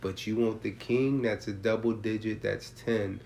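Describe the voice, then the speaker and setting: A man in casual chat explaining his prices, talking in streetwise, profane slang and telling stories in an animated way. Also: lowish voice, a little slow, vocal fry, a little hiss or hum. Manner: animated storytelling with acted-out quotes.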